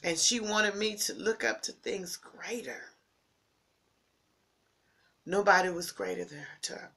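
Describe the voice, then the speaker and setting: A grieving woman giving a heartfelt personal tribute, slow and near tears, repeating her phrases and dropping at times into breathy whispers. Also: medium pitch, a bit bright. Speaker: vlogger sharing a personal tribute. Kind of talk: emotional personal monologue.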